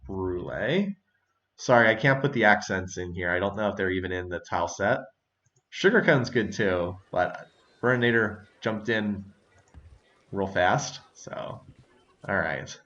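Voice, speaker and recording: A man's voice: low voice, expressive, measured pace, a bit bright, muffled recording. Chatty man musing over a strategy game. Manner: chatty, laughs often, thinks aloud. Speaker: let's-play host. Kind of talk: casual gameplay commentary.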